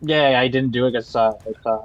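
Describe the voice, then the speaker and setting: A man's voice: mid-range voice, steady tone, a little fast, soft background music. An upbeat man explains his moves at a tabletop game. His voice sits in the middle range for a man. The audio sounds a little dull and muffled. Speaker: player. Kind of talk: casual tabletop game chat.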